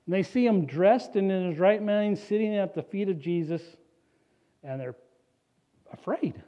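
A man preaching a sermon as a pastor, animated and conversational, with casual asides to the congregation. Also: sits high, a little slow. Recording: dull lo-fi recording.

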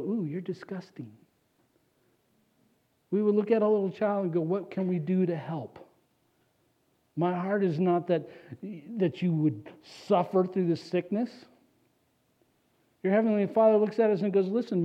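A man preaching a sermon as a pastor, animated and conversational, with casual asides to the congregation. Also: high-pitched. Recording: dull lo-fi recording.

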